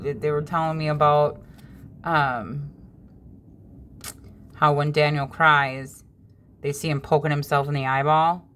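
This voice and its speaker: A woman's voice: deep voice, a bit bright. A woman reading tarot cards in a casual vlog, chatting in a rambling way with a dry sense of humor. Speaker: tarot reader.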